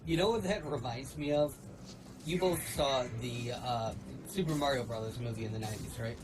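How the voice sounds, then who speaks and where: A man's voice: medium pitch, normal speed, far from the mic, noisy background. A man co-hosting a let's play stream, chatting casually and telling stories with laughs and mimicked voices. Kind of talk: casual chat over gameplay.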